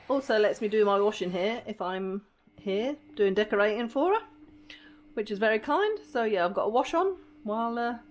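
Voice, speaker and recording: A middle-aged woman chatting casually in a vlog, laughing often and poking fun at herself. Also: mid-range voice. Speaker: vlogger. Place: outdoors by a canal, then indoors at a house.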